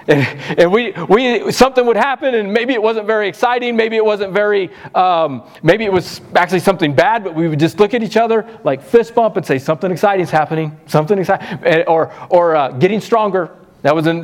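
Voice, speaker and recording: Male pastor, middle-aged, animated sermon, fairly high voice, dramatic pitch swings. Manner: animated, voice jumps high when acting out questions.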